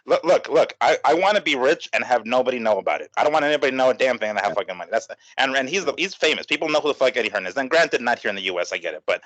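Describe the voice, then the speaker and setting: A man's voice: mid-range voice, expressive, racing, few pauses, fairly bright tone, poor audio. A man in casual chat, emphatic and full of swearing. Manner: profane, emphatic.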